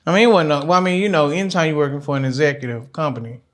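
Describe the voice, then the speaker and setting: A man's voice: fairly high pitch, fairly even intonation, very fast, a bit bright, slight background noise. A man, a laid-back, joking interview guest who slips into rhythmic poetry. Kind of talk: casual interview chat and spoken poem.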